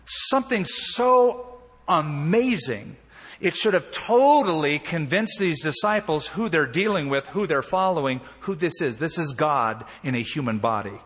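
A man preaches a sermon from the pulpit, telling the story animatedly with swings between emphasis and quiet asides. His voice sits a little high and sounds a bit husky. It rings out with a long reverb in a church sanctuary. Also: lively intonation, a little slow. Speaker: pastor.

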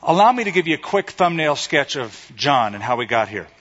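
A male preacher giving a sermon in a conversational, animated way, retelling stories and acting out quotes. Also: fairly high pitch, brisk. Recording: echoey hall, slightly dull sound.

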